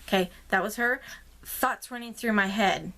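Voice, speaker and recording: A woman's voice: medium pitch, moderate pace. A woman vlogger in casual chat, telling a story in a chatty, rambling way with many fillers. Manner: rambling and expressive. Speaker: craft vlogger.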